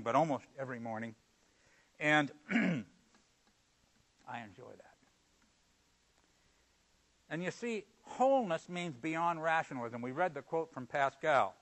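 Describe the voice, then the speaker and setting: A man preaching a sermon, swinging between loud, emphatic points and quiet, low asides. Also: poor audio.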